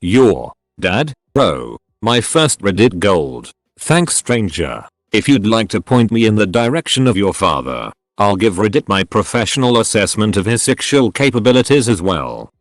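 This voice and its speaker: Low-voiced man, lively comic narration. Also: moderate pace, no echo, studio quality. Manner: lively, comic storytelling delivery. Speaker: narrator reading online stories. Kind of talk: scripted narration. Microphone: studio voice-over mic.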